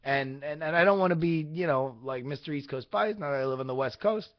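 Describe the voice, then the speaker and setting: A young man hosting a video, telling a casual, rambling story in an exasperated, animated way. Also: fairly high pitch, brisk. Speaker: vlog host. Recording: dull lo-fi audio.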